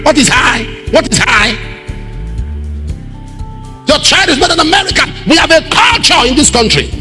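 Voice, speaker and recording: A man with a Nigerian accent preaching a sermon emphatically, with repeated rhetorical questions and bursts of shouting. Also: extremely high pitch. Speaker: pastor. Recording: reverberant hall with loud music behind.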